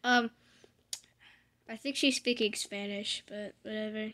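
A young woman giving casual, rambling commentary while playing a video game, playful with loud excited outbursts. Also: mid-range voice, a little slow, pauses often. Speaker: gamer. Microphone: desk microphone.

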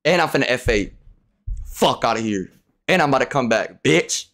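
Young man, livestream gamer, profane rants, loud then mumbling. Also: mid-range voice, lively intonation, normal speed. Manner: profane, ranting, swings from loud to muttering. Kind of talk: casual gameplay commentary.

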